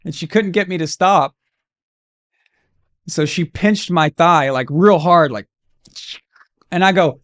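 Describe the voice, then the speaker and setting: A man running a live watch-along of a game, with a slightly higher voice than most. He chats loosely with his viewers. He moves between play-by-play reactions and easygoing personal stories. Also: slow pace, long pauses, fairly bright tone. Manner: casual, encouraging, chatty. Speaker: watch-along stream host.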